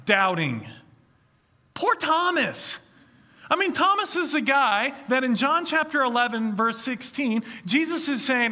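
A pastor with a very high-pitched voice reads scripture at a measured pace, then retells it in a lively, conversational way, acting out the quotes.

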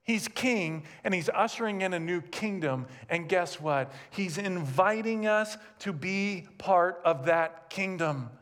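Male pastor, fairly high voice, lively storytelling sermon delivery. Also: slow, few pauses. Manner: animated storytelling with asides and laughs. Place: church sanctuary, also streamed.

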